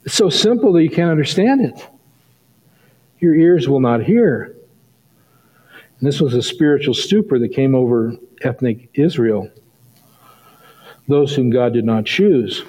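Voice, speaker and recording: A middle-aged male pastor preaching a sermon, telling a story and rising to excited peaks. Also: medium pitch, a little slow, pauses often, slightly rough, rough recording.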